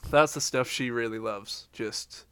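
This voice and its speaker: A man's voice: medium pitch, a little slow, bright, forceful tone, clean tone, no echo, studio quality. A man co-hosting a podcast in casual chat, wry and rambling as he talks. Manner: rambling, lots of fillers and restarts, wry. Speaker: podcast co-host.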